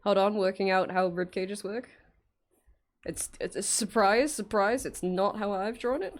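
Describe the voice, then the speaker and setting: A woman's voice: mid-range voice, a little slow. A young woman streaming while she draws, chatting casually, giggling, swearing freely and answering her chat.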